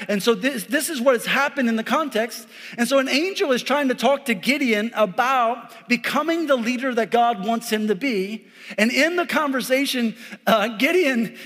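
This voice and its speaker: High-voiced pastor joking through a sermon. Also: male voice, a bit bright, in a large hall. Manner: joking, conversational preaching with frequent "all right?". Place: church sanctuary.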